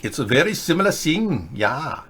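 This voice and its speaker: A man's voice: a little high, sing-song, moderate pace, fairly bright tone, breathy edge. A man hosting a casual live political video chat, reading viewer comments and tweets aloud with a sarcastic, rambling manner. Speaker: livestream political show host.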